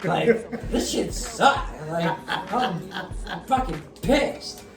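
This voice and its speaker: Animated, swearing man telling a story. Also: sits high, very slow. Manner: animated, swearing, laughing through stories. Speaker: guest. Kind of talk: casual storytelling. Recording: roomy echo, distant mic, music behind. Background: music.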